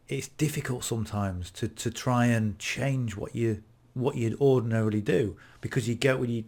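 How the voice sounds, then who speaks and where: A man's voice: mid-range voice, a little mellow. A man in his fifties with a British accent, talking casually to camera about online marketing, reflective and prone to restarting his sentences. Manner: conversational, restarts often, self-reflective. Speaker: affiliate marketing vlogger.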